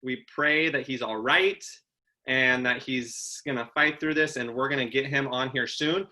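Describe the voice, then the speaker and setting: A man's voice: medium pitch, fairly even intonation, unhurried, pushed and bright. A man co-hosting a casual live-stream chat show, playful and fond of sing-song repetition. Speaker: co-host.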